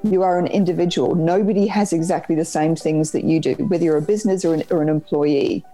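A woman with a New Zealand accent, a guest on a podcast, telling stories in an upbeat, animated way. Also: low voice, quick pace, faint music behind, rough recording. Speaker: podcast guest, business trainer. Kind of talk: casual podcast interview.

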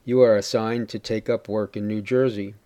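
A man's voice: on the low side, level tone, normal speed, warm tone, lightly acted. A man voicing an urgent woman aid worker explaining strict rules, read as part of a storybook narration. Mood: vehement.

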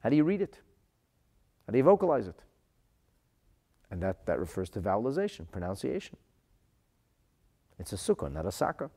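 Gravelly-voiced man teaching Talmud. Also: lowish voice, fairly quick, long pauses. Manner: animated, rhetorical questions, swings from quiet asides to loud emphasis; reads Aramaic phrases and translates them. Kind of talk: Talmud lesson.

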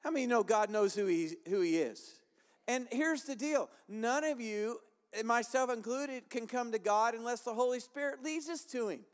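A man's voice: very high-pitched, normal speed. A male pastor preaching a sermon with an impassioned, repetitive cadence. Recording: long hall reverb.

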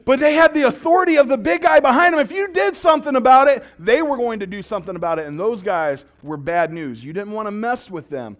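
A man's voice: very high voice, fast, few pauses. A male pastor preaching a sermon, telling stories with jokes and acted-out quotes. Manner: storytelling, animated and joking, with acted-out quotes.

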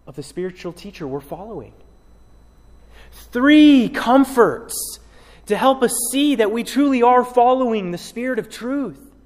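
A fairly high-voiced man preaches an expository sermon from the pulpit. He drives his points home by repeating key words, pausing between them for weight. His voice rings out with a long reverb, as in a church hall. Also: a little mellow. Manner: emphatic, repeats key words with dramatic pauses. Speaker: pastor.

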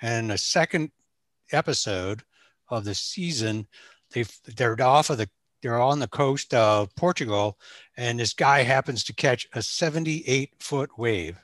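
A man in a casual chat, telling a story in an animated way. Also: mid-range voice, a little slow, dry recording, studio quality.

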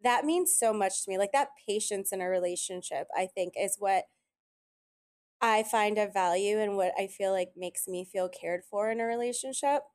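A woman chatting casually on a podcast, telling animated stories and quoting people often. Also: medium pitch, normal speed. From Italian heritage. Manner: animated storyteller, quotes others often. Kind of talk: casual chat.

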